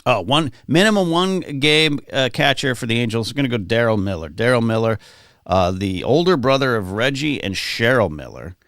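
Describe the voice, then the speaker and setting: A man chatting his way through a morning livestream from home, rambling easily and reading viewer comments aloud. His voice sits at an ordinary middle pitch. The recording is dry and close, with almost no room sound. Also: a bit bright, no room sound. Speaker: livestream host. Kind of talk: casual livestream chat. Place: home, in California.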